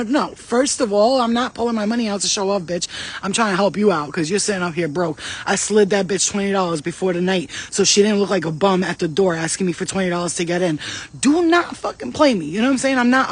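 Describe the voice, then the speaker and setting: A woman with a husky, slightly breathy voice talks to her viewers in a casual spiritual vlog. She is blunt and streetwise, swears freely and tells her stories with lively animation. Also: mid-range voice. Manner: blunt, profane, streetwise talk; animated storytelling. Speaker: spiritual channeler and vlogger. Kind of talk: casual spiritual advice chat.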